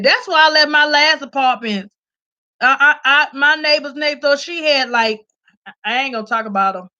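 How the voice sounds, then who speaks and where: A woman telling a story in casual commentary, loud and animated, swearing and laughing. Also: sits high. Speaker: vlogger reviewing a documentary. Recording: slightly dull lo-fi audio.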